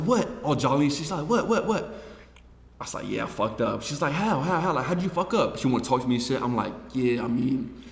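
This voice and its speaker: A young man, a streamer, telling a story to his friends in a casual, animated, profane way, repeating himself and swinging from hushed to shouting. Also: mid-range voice, gravelly. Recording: echoey room with long reverb, faint noise.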